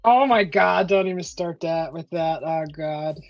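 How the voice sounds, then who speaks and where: A woman's voice: fairly low pitch, measured pace, no echo. A woman hosting a casual chat, rambling with many fillers and frequent laughs. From California. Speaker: host. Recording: dull lo-fi stream audio with faint music.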